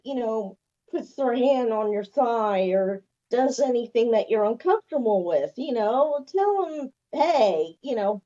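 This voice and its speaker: A woman's voice: fairly high pitch, warm tone. A woman guest on a radio show giving emphatic advice and saying "you know" again and again. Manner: emphatic, repeats "you know" often, laughs. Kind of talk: casual advice chat. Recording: dull lo-fi sound.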